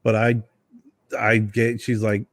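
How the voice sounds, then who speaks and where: A man co-hosting a casual podcast, telling animated stories and peppering his speech with mild swearing. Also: lowish voice, takes it slowly, no room sound. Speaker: podcast co-host. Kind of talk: casual chat.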